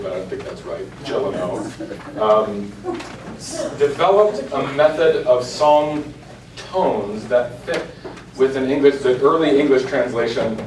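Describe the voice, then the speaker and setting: Guy teaching a church class, chants the examples out loud, sounds far off in a roomy hall, bit of hiss. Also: lowish voice. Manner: explanatory, chants example lines aloud in rhythm. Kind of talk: informal lecture. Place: church meeting room. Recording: echoey room, voice from afar, faint hiss.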